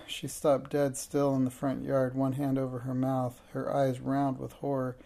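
A man narrating a children's storybook in a steady, plain reading voice. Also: medium pitch, normal speed.

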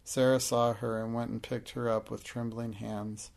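A man narrating an audiobook in a steady, measured way. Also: mid-range voice, creaky.

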